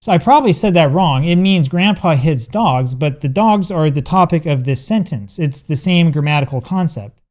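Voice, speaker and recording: A man's voice: a little high, lively intonation, moderate pace, darkish tone. A man teaching a language lesson, patiently explaining grammar and reading example sentences aloud.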